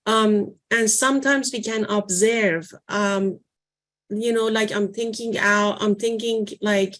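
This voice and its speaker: A woman leading a library workshop in an informal teaching voice, conversational and often pausing to search for words with fillers. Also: fairly high pitch, steady tone. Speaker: workshop presenter.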